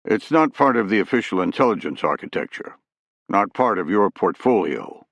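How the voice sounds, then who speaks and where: A calm male president talks an angry aide down, as a man voices him in an audiobook. His voice is very low and gravelly. It sits close and dry, without room sound. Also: dry recording, heavily acted. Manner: measured, placating. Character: calm older male president, measured and authoritative.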